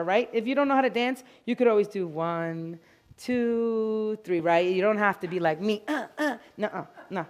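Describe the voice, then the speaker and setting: A woman giving an animated, playful live product demonstration to an audience at a store grand opening event. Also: medium pitch. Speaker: product educator.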